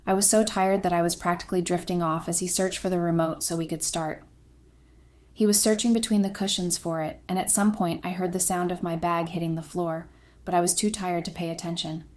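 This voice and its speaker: Woman reading a story in first person, slightly low voice, steady and even. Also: a little fast. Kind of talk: scripted first-person narration.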